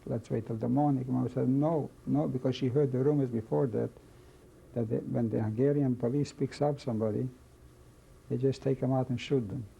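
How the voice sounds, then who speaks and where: Gravelly older man giving testimony. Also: medium pitch, steady tone, mellow. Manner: halting, repeats phrases, slow reflective storytelling. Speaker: witness telling his life story. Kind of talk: oral history testimony. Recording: dull lo-fi recording, faint hiss.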